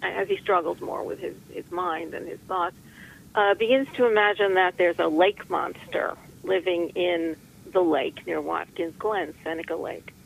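Reflective author guest, gravelly, rambling with dry jokes. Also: mid-range voice, fairly even intonation, unhurried, a little hiss or hum, poor audio. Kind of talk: conversational interview.

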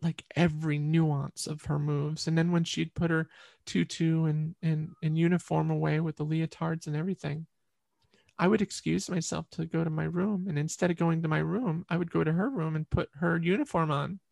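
A woman's voice: low-pitched, steady tone, normal speed, vocal fry, a little mellow, dry recording, clean studio sound. A woman interview guest earnestly telling a personal story, often repeating words as she recalls.

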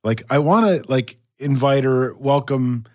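A man's voice: medium pitch, measured pace, a little mellow, dry recording, clean studio sound. A man co-hosting a church podcast, chatting casually about faith with lots of fillers and restarts. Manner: rambling, many fillers and restarts. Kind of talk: casual chat.

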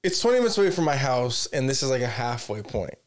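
A man's voice: mid-range voice, very animated, quick pace. A man hosting a podcast, chatting casually and telling stories in a blunt, profane, joking way. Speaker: podcast host. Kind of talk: casual chat and storytelling.

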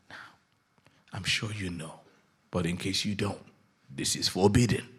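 A man preaching a sermon as pastor, telling a Bible story in a jokey, animated way with a husky voice. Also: low voice, measured pace, long pauses.

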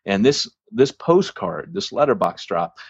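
A man's voice: lowish voice, sing-song, a little slow, slightly rough, dry recording. A man hosting a podcast, telling a long church story in a rambling, casual way with many ums and restarts. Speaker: podcast host. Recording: dry, dull lo-fi sound.

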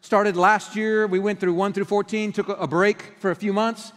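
Pastor, middle-aged man, chatty storytelling sermon with lively acted-out lines, higher voice, long church reverb. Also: normal speed. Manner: conversational storytelling with animated quoted outbursts. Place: church sanctuary.

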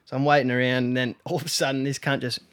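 A man's voice: medium pitch, flat delivery, racing, fairly bright tone, clear, resonant tone. A young Australian man telling a rambling story on a podcast, swearing freely and laughing along. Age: young adult. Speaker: podcast co-host. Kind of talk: casual storytelling chat.

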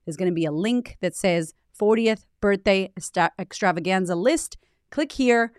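A woman's voice: mid-range voice, expressive, moderate pace, clean tone, no echo, clean studio sound. A woman in her thirties hosting her podcast in an emphatic, chatty way, swearing casually. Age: 30s. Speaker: podcast host. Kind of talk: casual motivational podcast talk. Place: home in Australia.

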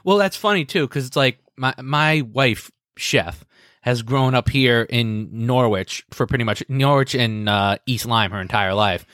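A man's voice: medium pitch, a little slow, a bit bright, no room sound, studio quality. A man co-hosting a podcast, chatty and telling stories in casual talk. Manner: chatty, storytelling. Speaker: podcast co-host. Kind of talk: casual chat.

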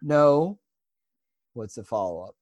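A man co-hosting a podcast in casual chat, animated and swearing freely. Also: mid-range voice, takes it slowly, dull audio. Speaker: podcast co-host.

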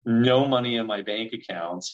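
A middle-aged man tells a long story in an interview and slips into the voices of the people in it as he goes. His voice sits fairly low. The audio is a little dull and lo-fi. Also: moderate pace. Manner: animated storyteller acting out quoted dialogue. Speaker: real estate investor guest.

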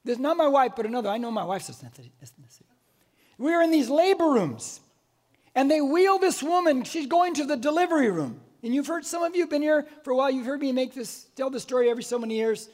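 High-voiced older guy preaching, wears a mic, animated stories, acts out voices. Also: fairly quick. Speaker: pastor. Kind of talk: sermon. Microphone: wearing a mic.

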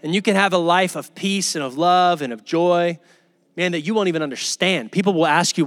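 A man's voice: high-pitched, fairly quick, a bit bright, no echo, clean studio sound, faint music behind. A man preaching a sermon to his church in a casual, conversational way, acting out the people in his stories. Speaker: pastor.

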